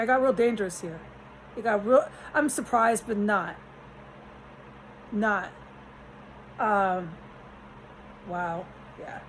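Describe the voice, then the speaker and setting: A woman's voice: mid-range voice, slight background noise, rough recording. A woman vlogging from a rented room, talking in a rambling, frustrated way, cursing often and restarting her sentences. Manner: agitated, profane, trailing off and restarting.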